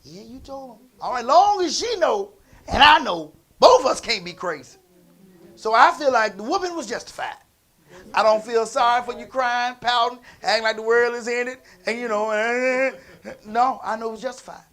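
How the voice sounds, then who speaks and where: A middle-aged male pastor preaching in a folksy, conversational way, dropping into soft asides and then rising into emphatic bursts. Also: very high voice, lively intonation, moderate pace. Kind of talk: storytelling sermon.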